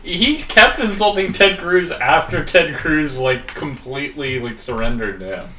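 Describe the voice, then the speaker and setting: A man's voice: fairly high pitch, expressive, a little slow, bright, forceful tone, far from the mic, a little hiss or hum. A man playing a tabletop game, chatting animatedly and filling his talk with "like". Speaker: player. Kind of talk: casual tabletop game chat. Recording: echoey room, off-mic.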